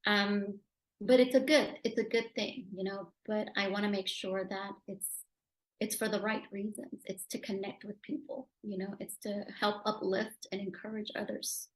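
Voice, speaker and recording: Animated woman guest in a roomy space. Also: normal speed. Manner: animated, emotional, rising loudly at high points. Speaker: interview guest, public speaker and author. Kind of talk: conversational interview storytelling. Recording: roomy echo.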